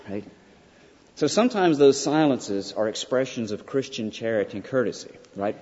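Husky low-voiced male professor lecturing. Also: moderate pace, a little mellow. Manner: emphatic, peppered with "right?" asides. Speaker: college professor. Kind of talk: classroom lecture. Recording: dull lo-fi sound with long hall reverb.

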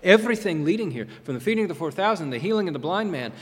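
A man preaching a sermon as pastor, emphatic, with dramatic pauses and swings between loud and soft. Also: high voice, lively intonation, breathy edge. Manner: emphatic, rising and falling delivery with dramatic pauses. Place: church sanctuary. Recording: long reverb of a large hall.

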